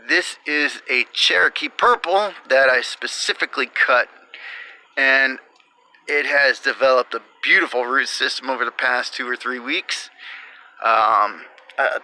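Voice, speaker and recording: A man filming a casual gardening vlog outdoors on his small deck, talking in a halting, rambling way with lots of fillers and restarts. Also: medium pitch, bright, forceful tone. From New Jersey. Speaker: home gardener.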